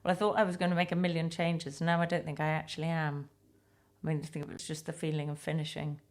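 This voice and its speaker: Woman, podcast host, low voice, chatty, self-deprecating. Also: flat delivery, quick pace. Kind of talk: casual comedic chat.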